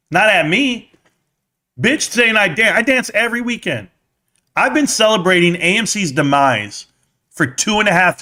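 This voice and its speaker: Guy live streaming stocks, kinda high voice, bright, brash and mocking chat.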